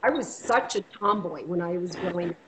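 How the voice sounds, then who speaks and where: A woman's voice: lowish voice, a little fast, fairly bright tone. A woman being interviewed as a guest, telling personal stories in a chatty, upbeat way over a video call. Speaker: guest, marketing company president. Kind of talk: casual interview storytelling. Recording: dull lo-fi call audio, faint noise.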